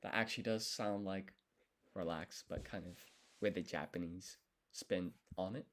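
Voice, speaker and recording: During a live stream, a man practices a language by thinking out loud, drawing out syllables slowly and correcting himself. His voice is low-pitched with fairly even intonation.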